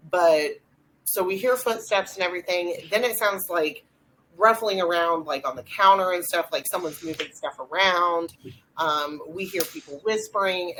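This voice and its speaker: A young adult woman, co-hosting a podcast and retelling a ghost hunt in a rambling, animated way with lots of fillers. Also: on the low side, slight background noise, rough recording. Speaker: podcast co-host. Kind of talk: casual storytelling chat.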